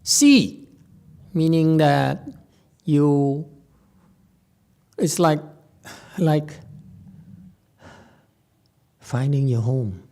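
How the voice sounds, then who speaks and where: This Buddhist master's voice sits on the high side: expressive and warm, with some vocal fry. Lecturing casually on a sutra to people gathered in a temple hall, he pauses often for an "okay?" or "hmm?", starts sentences over, and tosses off wry, playful asides.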